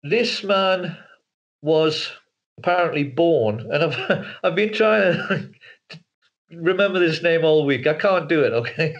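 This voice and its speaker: A man's voice: on the high side, expressive, slow pace. Man on a dull, lo-fi video call. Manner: hesitant, with repeated words and restarts. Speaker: guest, author and filmmaker. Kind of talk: casual interview talk.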